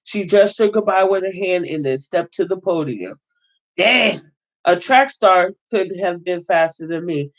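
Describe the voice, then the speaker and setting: A man reading a novel aloud as host, steady but with occasional stumbles and self-corrections. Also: sits high, a little slow, dull audio.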